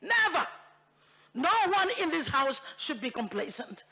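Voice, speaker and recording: Woman MP with a Bougainville accent, passionate parliamentary speaker, gravelly and forceful, mixes in Tok Pisin. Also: high voice, sing-song, moderate pace. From Bougainville, Papua New Guinea. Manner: impassioned, emphatic, repeats phrases for force; switches into Tok Pisin phrases. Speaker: member of parliament. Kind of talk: parliamentary debate speech. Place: parliament chamber.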